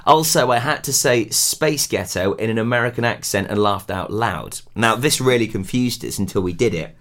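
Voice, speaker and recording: A man's voice: fairly low pitch, moderate pace, fairly bright tone. A man presenting a breakfast radio show from Wales in casual chat, laughing often and reading out listener messages.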